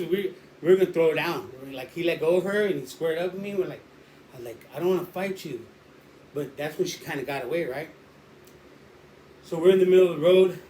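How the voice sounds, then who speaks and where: A man's voice: a little high, warm tone. A man telling a rambling, slangy street story in a casual way. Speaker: storyteller guest. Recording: roomy echo, faint background noise.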